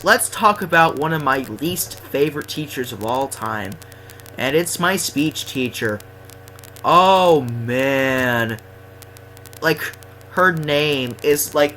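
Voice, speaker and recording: Chatty guy with a bright voice. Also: a little high, a little hiss or hum, low-quality recording. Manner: rambling, self-deprecating, chatty. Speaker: gaming vlogger. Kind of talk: casual storytelling over gameplay.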